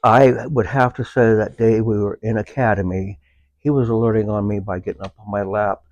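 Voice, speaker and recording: A man speaking as a veteran guest in a casual conversation about his service dog, pausing often with fillers as he talks. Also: lowish voice, steady tone, darkish tone, dry recording, dull audio. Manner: halting, unhurried, with many filler pauses.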